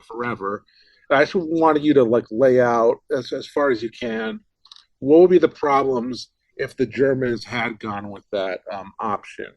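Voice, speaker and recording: A man's voice: mid-range voice, creaky, no echo, low-quality recording. A man hosting, putting a long, loosely worded question to a guest with many fillers. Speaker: panel host asking questions.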